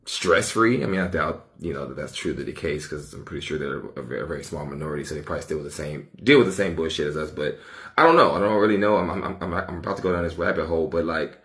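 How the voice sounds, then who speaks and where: A man's voice: extremely low pitch, animated, fast talker, fairly bright tone. A man thinks aloud in a rambling, hesitant way, in casual social media commentary. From United States.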